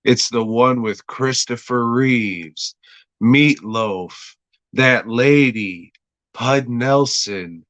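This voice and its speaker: A man hosts a podcast and talks his way through a TV episode in a loose, rambling recap that is full of swearing and jokes. He speaks slowly at a middle pitch, and his voice is recorded close and dry. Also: a bit bright, no echo. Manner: rambling, profane, jokey. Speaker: podcast host reviewing a TV episode. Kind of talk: casual profane episode recap.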